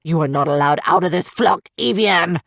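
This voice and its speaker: A woman narrator voicing a stern, protective male griffin father who speaks in a forceful, commanding way. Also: lowish voice, moderate pace, gravelly, dry recording, clean studio sound.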